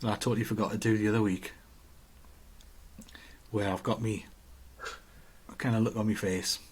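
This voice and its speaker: A man's voice: fairly low pitch, flat delivery, moderate pace, husky. A man, co-hosting a casual podcast chat, joking and reading out viewer comments. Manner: chatty, joking, reads out comments. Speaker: podcast co-host.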